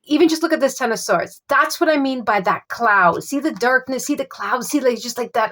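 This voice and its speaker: A woman giving a casual tarot reading. She gropes for words with many fillers and keeps offering calm reassurance. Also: on the high side, moderate pace. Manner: reassuring, repeats soothing phrases. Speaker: tarot reader.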